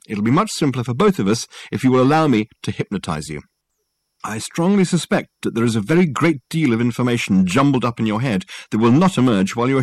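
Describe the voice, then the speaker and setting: A man playing a deadpan, sardonic detective. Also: medium pitch, no room sound. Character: dry, worldly eccentric detective man.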